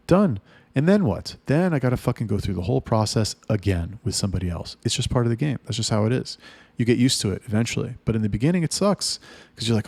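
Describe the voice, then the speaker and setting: A man giving blunt, heavily profane advice in a ranting monologue. His pitch jumps up to hit his points. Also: fast talker, gravelly, dry recording. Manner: lively, rising in pitch for emphasis. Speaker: OnlyFans agency owner giving advice.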